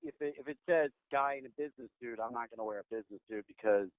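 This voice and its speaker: A man's voice: mid-range voice, racing, dry recording. A man hosting a podcast, chatting casually and cracking jokes with his guest. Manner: joking, lively interviewer. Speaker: podcast host. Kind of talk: casual chat. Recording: dry phone-like podcast audio.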